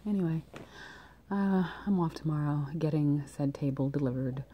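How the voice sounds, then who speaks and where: Very low-voiced, mellow woman vlogger. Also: normal speed, a little hiss or hum. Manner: annoyed, ranting, with many fillers. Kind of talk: casual vlog chat.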